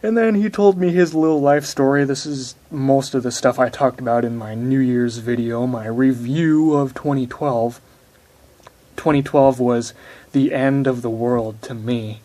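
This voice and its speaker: Young man, rambling, foul-mouthed, casual vlog storytelling, mid pitch. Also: unhurried, dark tone. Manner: rambling, profane, blunt. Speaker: vlogger.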